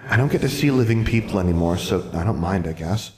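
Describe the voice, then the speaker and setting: A man reading an audiobook, voicing a spoiled, smug little ghost girl in a high, petulant childish tone. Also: animated, fast talker, a little mellow, echoey room, slight background noise. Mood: wistful, demanding.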